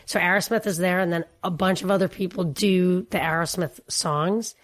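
Hoarse woman co-host chatting casually. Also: on the low side, fairly even intonation, normal speed. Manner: chatty, rambling storyteller. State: hoarse, losing her voice. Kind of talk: casual news chat. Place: on remote, away from studio.

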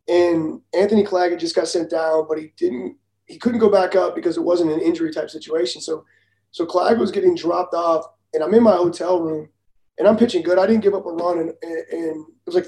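A man in his forties, a former baseball pitcher, telling stories in casual talk. He is animated, acts out the other people's lines and laughs as he goes. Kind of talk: casual storytelling. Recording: roomy echo.

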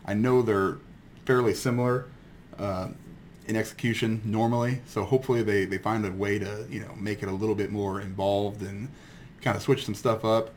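A man co-hosting a gaming podcast who chats in a casual way, reacting quickly and joking about games. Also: lowish voice, fairly even intonation, slight background noise. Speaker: podcast co-host.

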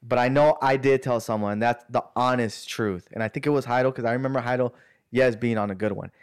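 His mid-range voice stays steady, brisk and clean as he rambles through a long story to friends in casual chat. He leans on slang and imitates what others said along the way.

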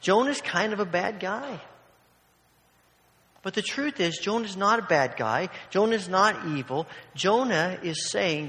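High-voiced preacher with humorous asides. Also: male voice, lively intonation, unhurried, fairly bright tone, big-room sound. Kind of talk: sermon.

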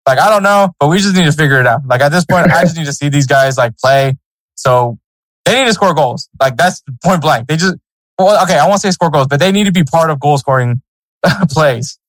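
A man's voice: on the high side, a little fast, dry recording, poor audio. A man co-hosting a sports podcast in casual chat, rambling with many fillers and restarts. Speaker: podcast co-host.

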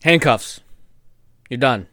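Animated laughing man, lively pitch. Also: slow, no echo, studio quality. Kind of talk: casual chat.

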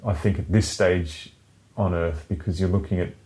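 Deep-voiced swearing man. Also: steady tone, moderate pace, warm tone. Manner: rambling, swears freely, laughs often. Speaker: podcast co-host. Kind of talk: casual chat.

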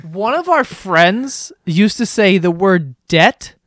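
A man hosting a casual drinking chat, telling animated stories with lots of swearing and laughter. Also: high-pitched, slow pace, dry recording, studio quality. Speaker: podcast host.

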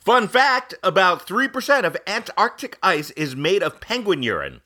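A man's voice: high voice, sing-song, moderate pace, pushed and bright, dry recording, clean studio sound, faint music behind. A man co-hosting a comedic podcast, playful and jokey, bantering and reading ads. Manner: playful, jokey, eager guessing. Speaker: podcast co-host.

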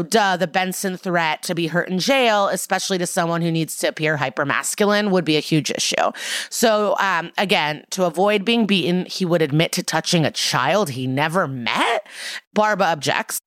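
A woman's voice: lowish voice, normal speed, dry recording, clean studio sound. A woman co-hosting a podcast, casually recapping an episode and acting out the characters' lines as she goes. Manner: animated storytelling, acts out quotes, swears casually. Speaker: podcast co-host.

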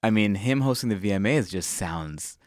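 A man's voice: on the low side, lively intonation, normal speed, a little mellow, dry recording, clean studio sound. A man in his forties, a comedian guest on a podcast, telling wry, profane stories. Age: 40s. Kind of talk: casual podcast banter.

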